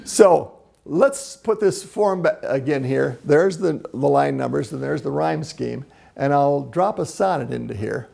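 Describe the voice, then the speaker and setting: A man lecturing on poetry with a very gravelly, husky voice and a dark, mellow tone. He explains things step by step and chants rhythms out loud to show them. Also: on the high side, animated, unhurried. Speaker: presenter.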